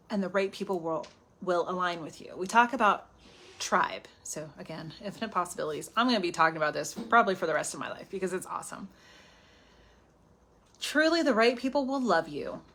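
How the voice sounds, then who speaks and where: A woman's voice: fairly low pitch, moderate pace. Chatty woman doing a self-help live stream, bounces up and down, whispers her asides. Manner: animated, chatty, often drops to a whisper for asides. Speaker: healing coach hosting a live stream.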